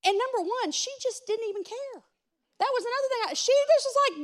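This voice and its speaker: A woman pastor gives a sermon in a very high voice. She tells a funny story with animated, self-mocking energy, acting out each person's lines. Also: moderate pace.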